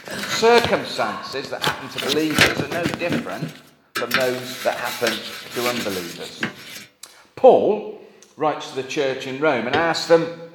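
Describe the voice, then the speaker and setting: A middle-aged man delivers a sermon in an earnest, conversational way, dropping in wry asides. His voice sits at an ordinary male pitch. It rings through a large, echoey hall with a faint hiss underneath. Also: very animated, unhurried, a bit bright. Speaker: preacher.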